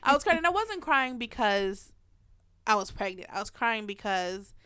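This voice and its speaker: A middle-aged woman telling a family story in casual conversation, animated and laughing often as she acts out what people said. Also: mid-range voice, unhurried, clear, resonant tone, dry recording, studio quality.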